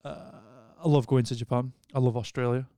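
A man's voice: mid-range voice, fairly even intonation, fairly quick, mellow, no echo. A young man from Wigan with a Wigan accent, chatting casually and laid-back about touring, full of slang. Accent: Northern English, Wigan. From Wigan, England. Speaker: touring crew member, podcast guest. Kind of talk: casual chat.

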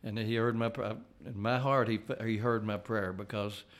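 Older man, somewhat low pitch, earnest testimony, halting delivery, frequent restarts. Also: fairly even intonation. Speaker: layman giving a faith testimony. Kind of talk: personal testimony.

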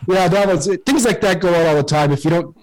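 A man in his forties, a retired pro ballplayer, telling stories in a loose, rambling way. He leans on fillers, swears freely, and speaks in a somewhat high voice. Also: fast, a little mellow, rough recording. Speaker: former pro baseball player, guest. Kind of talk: casual storytelling.

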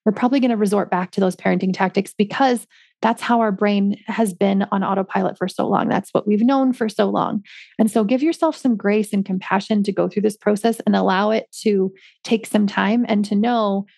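A woman's voice: medium pitch, steady tone, brisk, creaky, a little mellow, no room sound, studio quality. A woman hosting a solo parenting podcast, chatting casually with many ums and likes. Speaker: podcast host, parenting coach.

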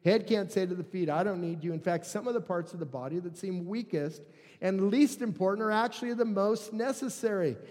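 A high-voiced man preaches to his congregation in an animated, conversational way, slipping in jokes as he goes. His voice carries a long reverb from the church hall around him. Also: a little fast. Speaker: pastor. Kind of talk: sermon.

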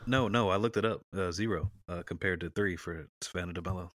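A man's voice: low-pitched, brisk, no room sound, clean studio sound. A man co-hosting a podcast, chatting loosely and steering the talk back to his topic. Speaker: podcast co-host. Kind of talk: casual sports chat.

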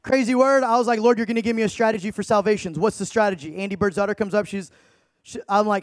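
A young man, an evangelist, excitedly telling testimony stories in slangy talk, laughing now and then. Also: sits high, very fast, no room sound, clean studio sound. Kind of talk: energetic testimony storytelling.

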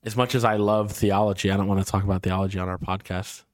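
Young male co-host, quick and low-pitched, joking casual chat. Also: little pitch movement. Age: young adult. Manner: laid-back joking banter. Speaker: podcast co-host. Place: small makeshift room.

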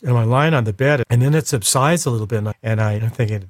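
A man's voice: medium pitch, fast talker, no room sound, clean studio sound. A man as an interview guest, telling a personal story in an emotional, reflective way.

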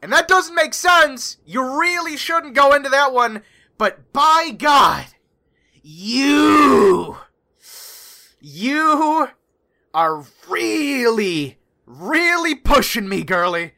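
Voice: sits high, very animated, extremely slow, creaky, voice pushed up, heavily acted. A player voicing an exasperated male mage who rants sarcastically at his companion. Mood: furious. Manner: shouting sarcastic rant.

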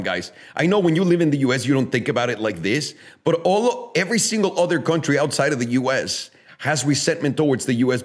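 A man talking in a loose, casual style, emphatic and profane. He makes his points with sarcastic rhetorical questions. His pitch swings widely from phrase to phrase. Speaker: podcast host. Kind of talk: casual opinionated chat.

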